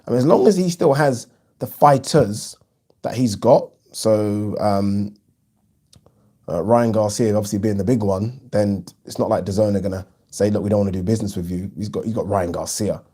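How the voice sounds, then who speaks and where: During a live boxing watch-along, a man reads viewer comments in a chatty, frank style, swearing freely and saying um often. His lowish voice is mellow and slightly rough, at normal speed.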